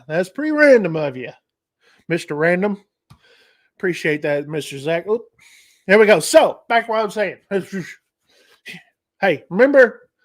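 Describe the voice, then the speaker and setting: Male host, higher-pitched voice, loose rambling storyteller on a casual livestream. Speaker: trucking channel host.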